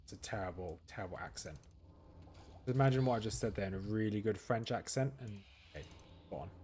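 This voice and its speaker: A man's voice: on the low side, fairly quick, darkish tone, a little hiss or hum. Man chatting through gameplay. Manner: thinking aloud, reading chat and answering viewers. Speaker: gaming streamer. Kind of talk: casual gameplay commentary.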